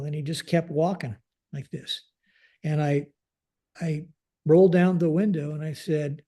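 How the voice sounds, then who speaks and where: A man's voice: a little high, mellow. Older man telling a military story. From United States. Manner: conversational, acts out dialogue in quotes, frequent fillers. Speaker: guest, retired Air Force general. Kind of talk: storytelling in a podcast interview.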